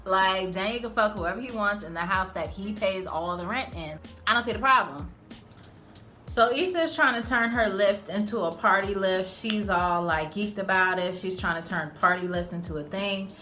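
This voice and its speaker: A woman's voice: mid-range voice, normal speed, faint music behind. A woman giving a casual, slangy, profane recap of a TV episode as a channel host. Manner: animated, slangy, profane storytelling. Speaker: TV show reviewer.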